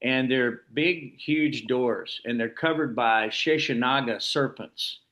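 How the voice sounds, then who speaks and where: A man's voice: mid-range voice, slow, a bit bright. A man leading an informal scripture class, explaining at length with frequent restarts. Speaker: class leader.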